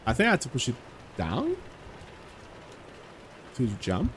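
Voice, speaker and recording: A man's voice: mid-range voice, wildly swooping pitch, measured pace, a bit bright, slight background noise. A young man streaming a video game live, chatting casually with viewers and reacting aloud to the game. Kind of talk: casual live gameplay chat.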